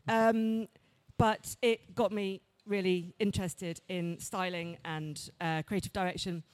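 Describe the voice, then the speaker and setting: A woman speaking on a panel, thoughtful and halting, with many fillers. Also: on the low side, little pitch movement, darkish tone, smooth. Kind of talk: panel talk.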